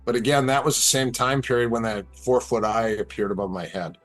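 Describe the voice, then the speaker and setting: In a casual chat, a middle-aged male guest tells lively stories, performing the lines others spoke to him. He has a mid-range voice and talks a little fast, with faint music in the background.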